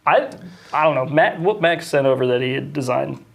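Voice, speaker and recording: Guy with a gravelly voice, cracking dry jokes in a chill chat. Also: medium pitch, animated, normal speed. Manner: joking, wry asides. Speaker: co-host of studio update show. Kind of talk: casual chat.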